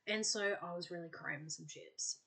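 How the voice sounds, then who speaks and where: A woman's voice: fairly low pitch, normal speed, bright, forceful tone. Chatty woman podcaster. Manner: chatty, full of "like" fillers, bubbly. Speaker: podcast host. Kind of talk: casual podcast monologue.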